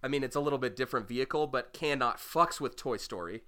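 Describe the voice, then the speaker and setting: A man's voice: mid-range voice, fast, pushed and bright, clear, resonant tone. A young man co-hosting a podcast, chatting casually with rambling enthusiasm and casual swearing. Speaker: podcast co-host. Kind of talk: casual chat.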